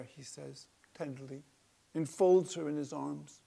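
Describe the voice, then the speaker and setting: A man reading aloud from his own book of fables, deliberate and relishing the words. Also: on the high side, gravelly, dark tone. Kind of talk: storybook narration.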